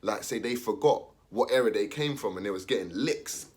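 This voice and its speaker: A man's voice: on the low side, brisk, a little mellow. A young man, talking casually in street slang, ranting his opinion and acting out the voices of others. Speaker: commentator.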